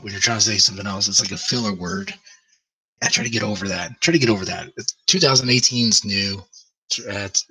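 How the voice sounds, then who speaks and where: A man talks loosely and at length on his own live stream, swearing freely as he rambles. His voice sits a bit low and sounds husky, with a bright, forceful edge, and the recording is dry and close. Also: distant mic, rough recording. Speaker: livestream host. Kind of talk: casual chat.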